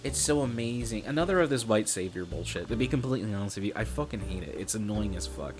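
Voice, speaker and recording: Low-voiced, rambling, sarcastic young man. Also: animated, quick pace, music in the background. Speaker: streamer. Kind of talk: casual gaming stream chat.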